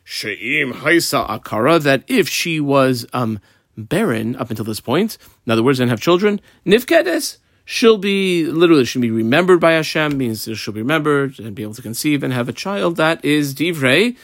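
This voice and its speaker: Lively sing-song male Talmud teacher. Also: medium pitch, normal speed, no room sound, clean studio sound. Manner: explains line by line, mixing Hebrew and Aramaic terms. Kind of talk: Talmud lesson walkthrough.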